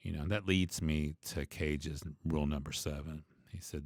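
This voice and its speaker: A man who teaches bass, talking through his ideas in a loose, reflective way, with many asides and restarts. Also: steady tone, moderate pace, a little mellow, no echo, clean studio sound. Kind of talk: conversational teaching monologue.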